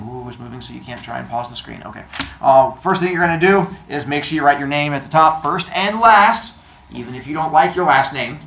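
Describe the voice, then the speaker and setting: A man's voice: mid-range voice, fairly bright tone, slight background noise. A man teaching a class, giving quiz instructions in a playful, jokey way with silly made-up words. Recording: echoey classroom, faint ambience.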